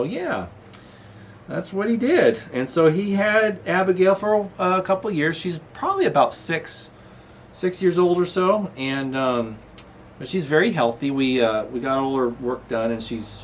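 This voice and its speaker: Chatting from a room in his apartment, this middle-aged channel host rambles through a laid-back vlog, chuckling along the way and switching to baby talk for his dog. His voice sits in the mid-range, and there's slight background noise.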